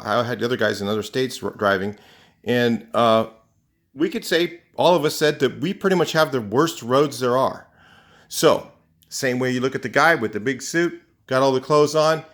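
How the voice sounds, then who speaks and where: A man from California talking in a casual, rambling rant to camera, indignant, with lots of fillers and restarts. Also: mid-range voice. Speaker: vlogger. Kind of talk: casual ranting monologue to camera.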